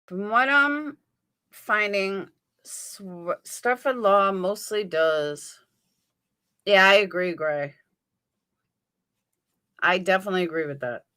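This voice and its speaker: A woman with a New York accent hosts a livestream, her mid-range voice bright, forceful and smooth. She speaks slowly with long pauses, chatting casually and thinking aloud as she answers viewers' comments by name.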